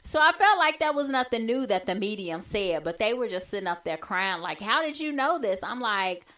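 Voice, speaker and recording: A woman co-hosting a podcast, chatting casually and animatedly, her voice jumping up when she makes a point. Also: normal speed. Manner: animated, conversational, swings high when emphatic. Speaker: podcast co-host. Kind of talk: casual chat.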